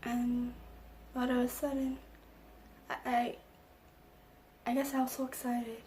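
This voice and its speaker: Young woman, vlogger, emotional storytelling, slightly high voice, faint background noise. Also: flat delivery, takes it slowly, mellow. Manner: emotional personal storytelling, acting out quotes. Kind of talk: storytime vlog.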